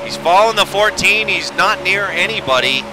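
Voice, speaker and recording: Excitable male sim racing commentator, high voice, crude jokes. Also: moderate pace, music in the background, low-quality recording. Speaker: race commentator.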